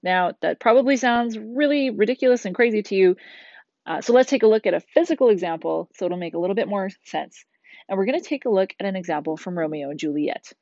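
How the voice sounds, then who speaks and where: A woman's voice: mid-range voice, lively intonation, fast, darkish tone, no echo. Middle-aged teacher woman, dull dry recording. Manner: chatty, explanatory, with casual asides. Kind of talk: recorded classroom lesson. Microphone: tablet screencast voice-over.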